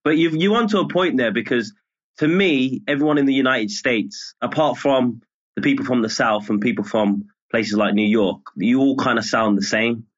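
A man with a Birmingham accent speaks as an interview guest, calm and measured. His voice sits at a middling pitch. The audio is muffled and lo-fi. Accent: Birmingham English. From Birmingham, England. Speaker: journalist guest. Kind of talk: casual interview.

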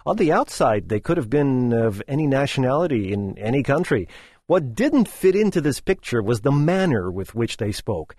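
A man's voice: mid-range voice, sing-song, moderate pace, a little mellow, no room sound, clean studio sound. A middle-aged man hosting a radio talk show, sardonic and opinionated in his delivery. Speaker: radio host.

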